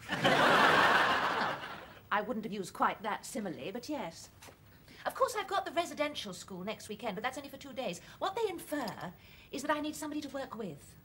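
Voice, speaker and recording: An actress playing a dry, wry middle-aged wife in a 1980s sitcom. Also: female voice, fairly high pitch, sing-song, moderate pace, bright, forceful tone, a little hiss or hum. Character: wry, patient English wife studying.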